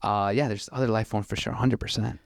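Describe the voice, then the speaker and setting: A man's voice: fairly low pitch, steady tone, fairly quick, vocal fry, no echo, studio quality. A young man in his twenties on a podcast, telling stories in a loose, rambling way with plenty of "like" fillers. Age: 20s. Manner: rambling, filler-heavy storytelling with many "like"s. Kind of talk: casual podcast chat.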